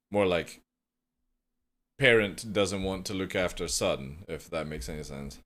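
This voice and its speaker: A man's voice: low-pitched, a little slow, a bit bright. A young man chatting casually with his stream viewers, rambling and swearing freely as he reads chat aloud. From United Kingdom. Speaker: live streamer.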